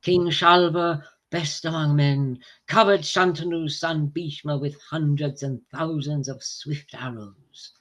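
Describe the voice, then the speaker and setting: Slow, deliberate man reading an epic. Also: on the high side, fairly even intonation, fairly bright tone. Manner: slow, deliberate and measured, with pauses between phrases. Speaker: reader of scripture to a group. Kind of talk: reading an ancient epic aloud.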